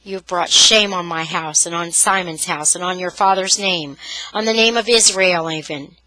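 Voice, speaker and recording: A woman voicing an angry young man who speaks in a harsh, low, clipped way to his sister. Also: normal speed, sharp tone, poor audio. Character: young man, hot-tempered, harsh brother.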